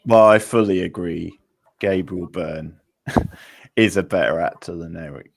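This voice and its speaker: A man's voice: sits low, measured pace, gravelly, dry recording, clean studio sound. A man co-hosting a film watchalong in casual, rambling chat full of filler words. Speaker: watchalong co-host.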